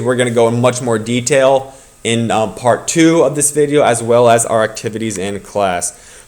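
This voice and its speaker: A male teacher giving a recorded lecture video for his class, explaining patiently and repeating the key points for his students. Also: medium pitch.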